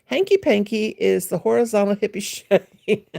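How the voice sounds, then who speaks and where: A woman runs a late-night home livestream, talking in an animated, mid-range voice with vocal fry and a mellow tone at a moderate pace, on a dry recording. She rambles playfully, greets viewers by name, and teases by imitating a gushing voice.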